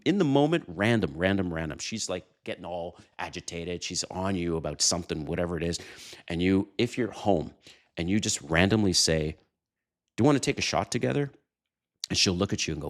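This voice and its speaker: Deep-voiced man giving dating advice. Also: a little fast. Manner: animated storytelling, chuckles, addresses viewers directly. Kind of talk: casual advice monologue to camera.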